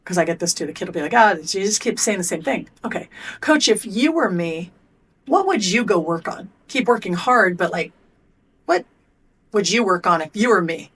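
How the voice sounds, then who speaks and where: A woman's voice: medium pitch, normal speed, slightly rough. A middle-aged woman being interviewed as a performance coach, telling blunt stories and acting out both sides of conversations. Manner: animated storyteller acting out coach and athlete exchanges; blunt, swears casually. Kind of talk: podcast interview.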